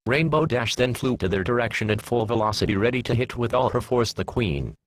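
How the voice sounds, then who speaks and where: A man narrating a fan fiction story in a plain, steady reading voice. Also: mid-range voice, a little fast, slight background noise.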